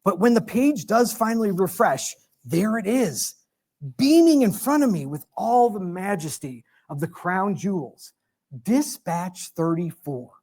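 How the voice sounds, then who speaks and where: A man giving a storytelling lecture as a guest speaker in a museum lecture hall, animated and joking at his own expense. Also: sits high, a little slow. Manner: animated, self-deprecating humor.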